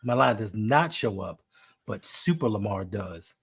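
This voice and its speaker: A man's voice: on the low side, expressive, unhurried, slightly rough. A man co-hosting a casual sports podcast, bantering and laughing as he makes football picks. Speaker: podcast co-host.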